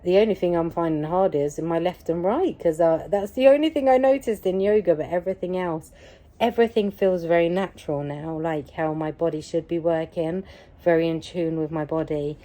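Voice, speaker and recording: Mellow woman telling her story. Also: on the low side, a little fast. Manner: emphatic, repetitive, animated retelling. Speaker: vlogger. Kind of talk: casual personal storytelling.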